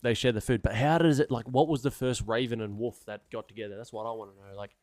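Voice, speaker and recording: A young male streamer rambles casually while he plays, swearing freely and marveling out loud. His voice sits at a middling pitch and is dry and close on a desk mic. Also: fast, no room sound. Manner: rambling, sweary, animated wonder. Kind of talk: casual chat while gaming.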